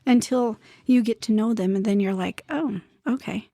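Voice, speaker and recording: A woman's voice: mid-range voice, moderate pace, mellow, dry recording, clean studio sound. A woman from the Navajo Nation chatting casually on a podcast, with lots of fillers and restarts. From Navajo Nation, Arizona. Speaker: podcast guest.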